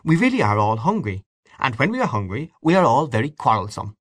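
A man voicing a tactful young woman who gently coaxes others to make peace. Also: medium pitch, very animated, fairly quick, dry recording, pitched above the performer's own voice. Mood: coaxing. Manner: gently coaxing.

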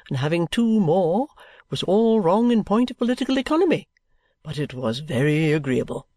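Woman doing airy storybook gentleman, whimsical, childlike, swooping lively voice, dry close recording. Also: medium pitch, no echo, close to an everyday voice. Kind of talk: audiobook reading.

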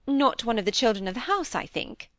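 A woman voicing a kindly, genteel lady at a grand dinner, polite and gently curious, in a storybook reading. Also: on the high side, expressive, brisk, dry recording.

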